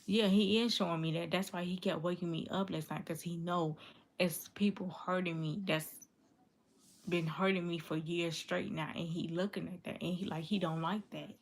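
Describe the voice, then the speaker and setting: Low gravelly woman, earnest and repetitive. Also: fairly even intonation, normal speed. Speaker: livestream vlogger reading viewer comments. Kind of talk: casual confessional talk to viewers.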